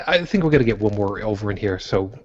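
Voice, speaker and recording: A man's voice: fairly low pitch, animated, fast talker, darkish tone, muffled recording. A man co-hosting a casual podcast, making dry, teasing asides and steering the group along. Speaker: podcast co-host. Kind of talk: casual group chat over a card game.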